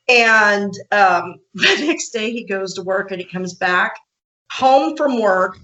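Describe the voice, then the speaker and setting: A woman podcast host telling an animated story in casual conversation, laughing often and acting out what people said. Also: medium pitch, takes it slowly, lo-fi sound.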